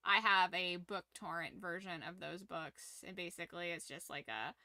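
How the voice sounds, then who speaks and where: A woman live-streaming to her viewers, talking in an animated, rambling way. Her voice is very bright and crisp, recorded dry and close. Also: fairly low pitch, moderate pace, no room sound. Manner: animated, rambling fan enthusiasm with frequent laughs. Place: home room with her collectibles behind her.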